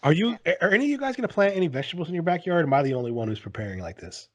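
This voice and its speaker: A husky-voiced man hosting a podcast, his pitch jumping around lively as he talks. He goes in quick bursts, restarts, and drops "dude" everywhere. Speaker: podcast host. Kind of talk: casual podcast chat.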